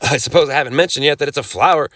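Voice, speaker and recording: A man gives a casual, rambling lecture and keeps restarting his sentences. He breaks off for coughs and throat clearing and drops sarcastic asides along the way. His voice sits at a middle pitch, recorded dry and up close. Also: racing, fairly bright tone, no echo. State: occasional coughing. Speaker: cannabis rights lecturer. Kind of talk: casual lecture over slides.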